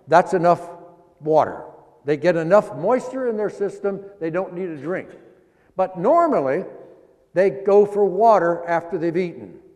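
Pastor, male, high-pitched, folksy sermon delivery, long echo of a sanctuary. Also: darkish tone. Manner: folksy, drawn-out emphasis on key words. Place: church sanctuary.

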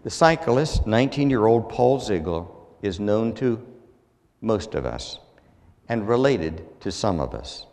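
A man preaching a sermon as pastor, measured and earnest, his phrases falling at the ends. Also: on the low side, big pitch swings, vocal fry, darkish tone, long reverb tail.

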